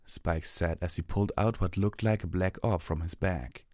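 A man reading a fantasy story aloud as narrator, steady and measured. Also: low voice, dry recording, clean studio sound.

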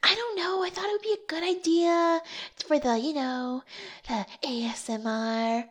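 A woman's voice: high voice, fairly even intonation, close to an everyday voice. A woman voicing a goofy, easygoing young female ghost, playful and silly, in an amateur audio drama. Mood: sheepish. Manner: playful and silly, drawn-out speech.

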